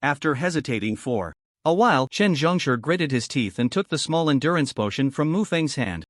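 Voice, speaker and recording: A man narrating a story recap in a lively, expressive scripted reading. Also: on the high side, normal speed, dry recording, clean studio sound.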